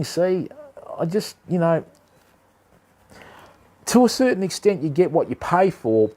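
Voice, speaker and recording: A laid-back Australian man with a slangy manner, chatting casually to live-stream viewers while showing fishing tackle. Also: on the high side. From Western Australia. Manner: rambling, with many fillers.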